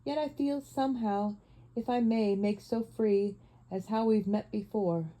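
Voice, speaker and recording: A woman's voice: mid-range voice, unhurried, dark tone, natural voice, poor audio. Woman doing a humble Cockney cabman. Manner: deferential, homely. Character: humble working-class London cab driver, male.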